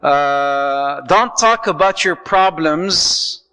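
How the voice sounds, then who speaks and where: A man giving a playful, lively lecture on marriage to a congregation, dropping Arabic phrases into his talk. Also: fairly high pitch, very slow, clear, resonant tone. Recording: long hall reverb.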